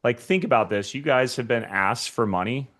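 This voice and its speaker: A man's voice: mid-range voice, normal speed. A man giving a motivational sales training talk to real estate agents, speaking straight to his audience and acting out short scenes. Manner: energetic, addresses the audience directly, acts out short scenes.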